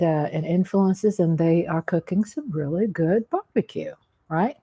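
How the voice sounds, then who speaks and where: A middle-aged food vlogger with a fairly low, warm voice chats through a casual mukbang while eating at a table at home. Her talk about family cooking is homey and meandering, with lots of restarts.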